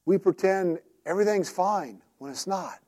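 A man's voice: high-pitched, normal speed, dark tone. A man preaching a sermon in a conversational, storytelling way, often asking his listeners direct questions.

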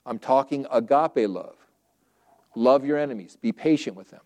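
A man's voice: medium pitch, normal speed, dark tone. A man preaching a sermon in a conversational way, acting out quoted prayers and objections and often restarting phrases.

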